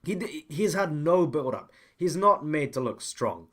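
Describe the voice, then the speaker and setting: A man's voice: fairly high pitch, very animated, measured pace, hardly any pauses. A young man hosting a podcast, giving blunt, ranting opinions with frequent restarts and repeated complaints. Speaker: podcast host. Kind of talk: opinionated wrestling podcast commentary.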